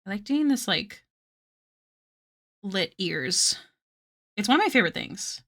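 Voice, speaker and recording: This art streamer's voice is medium in pitch, a bit bright and sing-song, and a little slow. Drawing on stream, she chats loosely with her viewers between tangents, scattering fillers and little giggles throughout.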